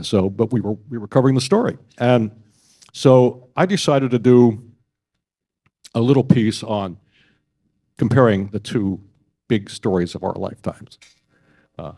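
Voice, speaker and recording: An older man and broadcast journalist telling stories at a press club event, halting often and restarting his sentences. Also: fairly low pitch, mellow, breathy edge. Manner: halting, with many restarts and fillers.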